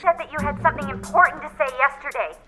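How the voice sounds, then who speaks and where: A woman's voice: high voice, fast, bright, forceful tone, soft background music. An actress playing a young woman scolding her boyfriend for standing her up, in a movie clip. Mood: accusing. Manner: accusing, annoyed. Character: young woman girlfriend, hurt and annoyed.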